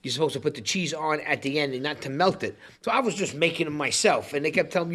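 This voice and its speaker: A man hosting a podcast, telling stories in a quick, loose New York chat. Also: a little high, a bit bright. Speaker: podcast host. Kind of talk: casual chat.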